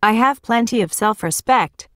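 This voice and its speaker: A woman's voice: fairly high pitch, normal speed, fairly bright tone, no echo, studio quality, lightly acted. A woman doing a pouty, insecure teenage girl. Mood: pleading.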